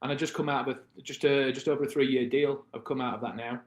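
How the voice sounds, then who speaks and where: A man in his thirties with a British accent, a podcast guest telling his story in a lively, casual way and acting out the other people's lines. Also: medium pitch, quick pace. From Britain. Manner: animated, acts out the voices of people in his stories. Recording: echoey room.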